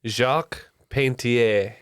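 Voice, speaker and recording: A man's voice: mid-range voice, slow pace, smooth. A man in a casual podcast trivia game, throwing in dry, teasing quips. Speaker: trivia contestant.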